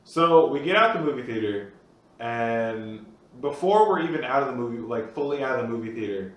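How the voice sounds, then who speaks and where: A young man telling a comic personal story in a lively way, acting out the other people's voices, recorded in an echoey room away from the mic. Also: mid-range voice, a little fast, recorded from a distance. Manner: animated, acts out voices.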